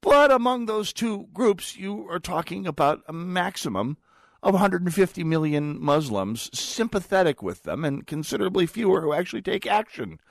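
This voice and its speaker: A man's voice: fairly high pitch, lively intonation, normal speed, vocal fry, no room sound. Combative male talk radio host. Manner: combative, emphatic.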